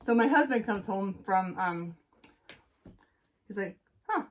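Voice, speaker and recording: A woman's voice: mid-range voice, slow. A middle-aged woman co-hosting a casual chat, telling a story with lots of acted-out voices. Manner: animated storyteller, acts out voices. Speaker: co-host.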